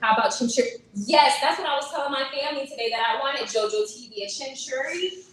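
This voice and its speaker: A woman chatting live with her viewers, answering comments and talking back with animated emphasis. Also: sits high, fast talker. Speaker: vlogger answering live chat. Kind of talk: casual live-stream chat. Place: indoor room on vacation. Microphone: phone on a gimbal. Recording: echoey room, far from mic, noisy.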